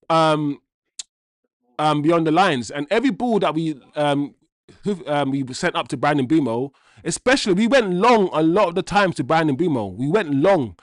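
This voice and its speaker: A man's voice: a little high, no echo, studio quality. A young man hosting a live football watchalong, chatting casually with slang and reading out viewers' comments. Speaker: host.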